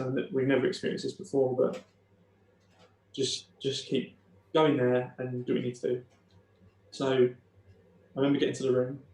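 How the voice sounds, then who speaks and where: A young man quietly retelling a painful personal story as a podcast guest, halting and emotional, with many restarts. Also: mid-range voice, roomy sound.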